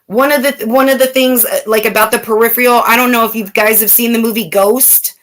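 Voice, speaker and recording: A woman telling personal stories in a relaxed chat, with many fillers and restarts. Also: fairly high pitch, brisk. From California, USA. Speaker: guest. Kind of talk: casual storytelling chat.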